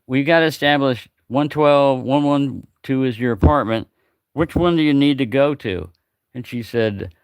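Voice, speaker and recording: Gravelly retired man telling rambling stories. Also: medium pitch, no room sound, studio quality. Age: older. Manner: chatty, repeats words, acts out quoted voices. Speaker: live-stream host. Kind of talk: casual rambling storytelling.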